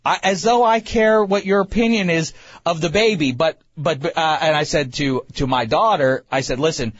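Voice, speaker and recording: A man, host of a talk show, telling a comic story in an animated, self-mocking way with many stammering restarts. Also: a little high, moderate pace, no room sound, muffled recording. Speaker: podcast host.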